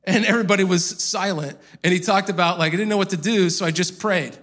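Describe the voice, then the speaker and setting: High-voiced man preaching a sermon. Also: fast talker, a bit bright. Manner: conversational storytelling with casual fillers. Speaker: pastor. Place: church.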